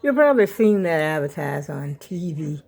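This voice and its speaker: A woman's voice: deep voice, sing-song, moderate pace, gravelly, a little mellow, breathy edge. An older woman rambles through a casual home vlog, chatting straight to her viewers. She often trails off mid-sentence and keeps calling them y'all. She is recorded on a handheld phone indoors. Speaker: vlogger. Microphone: handheld phone camera.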